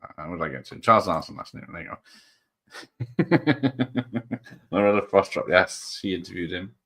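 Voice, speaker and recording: A man's voice: deep voice, expressive, moderate pace, a bit bright, breathy edge. A man hosting a casual live stream, rambling through comments with frequent fillers and chuckles. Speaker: host of a live show.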